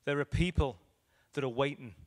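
A male evangelist speaks at medium pitch and a moderate pace. Hailing from Liverpool, England, he delivers a storytelling sermon to a room of listeners in a church meeting room, bringing his stories' dialogue to life animatedly.

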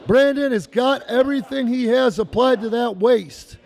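A man giving excited, folksy play-by-play commentary on a wrestling match, repeating phrases for emphasis. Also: extremely high pitch, moderate pace, gravelly. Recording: noisy live recording.

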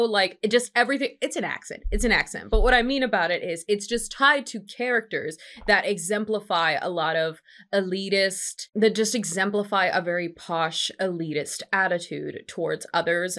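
A woman host, bright and expressive, reacting to a film in a casual, heated way. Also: medium pitch. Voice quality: animated, expressive, swears freely.

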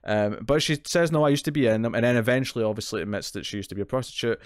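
A man's voice: medium pitch, very fast, clear, resonant tone, no room sound, clean studio sound. A British man co-hosting a TV recap podcast, retelling plot details in a rambling, casual way with many restarts. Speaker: podcast co-host.

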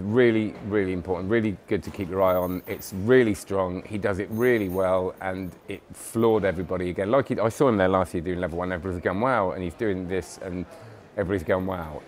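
A man's voice: fairly low pitch, slight background noise. A tired man chatting casually in a vlog about magic products, rambling and enthusiastic with lots of fillers and restarts. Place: magic convention hotel.

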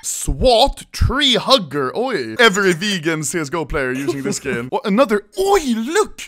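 A young man with a high-pitched voice hosts a gaming video. He talks in a casual, excitable way and throws in quick exclamations while he reacts and lists new items. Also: no echo, clean studio sound. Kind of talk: casual reaction and skin rundown.

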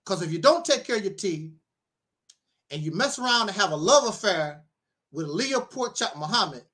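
A man's voice: high-pitched, normal speed. A middle-aged man, a minister, giving a casual spoken monologue, telling stories with frequent laughter and preachy asides. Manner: animated storyteller, laughs often, preachy asides.

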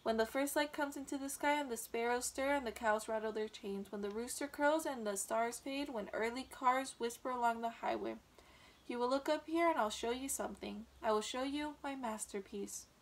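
A woman reading aloud plays a wise storybook spider who speaks calmly and soothingly. Her voice sits a little high. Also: moderate pace, natural voice. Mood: gentle. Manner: calm and soothing. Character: wise, gentle female spider.

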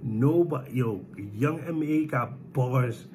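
A man's voice: mid-range voice, slow pace, background noise. A man, hosting a reaction video with hyped, exclaiming casual commentary. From Guyana. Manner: hyped, exclaiming, shouts of surprise.

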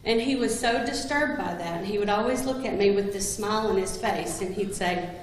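A woman's voice: medium pitch, brisk, a little hiss or hum. Woman giving a eulogy in an echoey hall. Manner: humorous, anecdotal storytelling. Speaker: eulogy speaker, longtime coworker. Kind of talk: eulogy speech. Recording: very echoey hall with long reverb.

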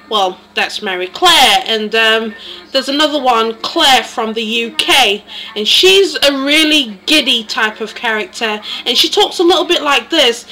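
Chatty English woman, bright high voice. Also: unhurried, low-quality recording. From England. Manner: chatty, rambling. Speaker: vlogger showing comic voices. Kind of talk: casual self-introduction.

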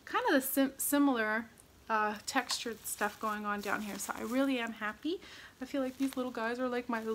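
A woman showing off her shopping finds at home in a gushing, chatty way, now and then dropping to a soft whisper. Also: a little high, a little hiss or hum. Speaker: vlogger. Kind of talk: casual haul chat.

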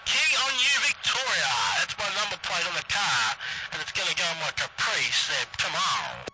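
A man's voice: a little high, very animated, moderate pace, background noise. An Australian man chatting on CB radio from a car parked in a country paddock, rambling and swearing casually. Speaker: CB radio operator.

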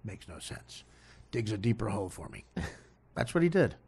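A man's voice: fairly low pitch, very animated, moderate pace, gravelly, darkish tone, breathy edge. A man on a comedy podcast, ranting in a self-mocking, exasperated way.

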